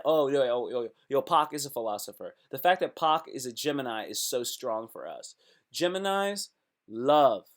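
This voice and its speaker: A man hosts a casual live stream from his computer, his voice sitting a little high for a man. He chats to his viewers and reads out their comments. He swings between quiet asides and sudden loud outbursts. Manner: animated, talks to himself and chat, sudden loud outbursts.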